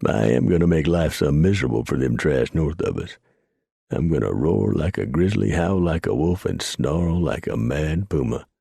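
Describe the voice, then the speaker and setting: Gravelly deep-voiced mountain man loner, slow drawl, as a reader does him. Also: animated, dark tone, dry recording, clean studio sound, exaggerated voice. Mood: grim. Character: gruff lone mountain man seeking revenge.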